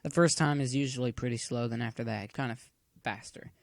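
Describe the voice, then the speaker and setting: A man talks through a coding tutorial from home at a middle pitch. He is easygoing and rambling and fills the waits with groan-worthy jokes. His voice is recorded close and dry. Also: steady tone, fairly quick, gravelly, no echo. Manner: chatty, cracks corny jokes while waiting. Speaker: tutorial maker.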